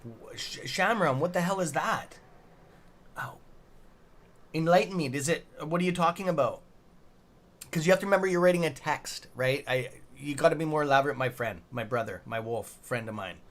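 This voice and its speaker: A middle-aged man with a fairly high voice talks at normal speed while casually hosting a trading livestream. He reads the chat aloud and banters, swearing loosely.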